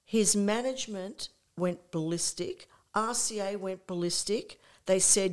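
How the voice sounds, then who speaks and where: An older woman, a guest in an interview who tells lively stories, acts out her own past thoughts and often says "you know". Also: medium pitch, unhurried. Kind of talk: conversational anecdote.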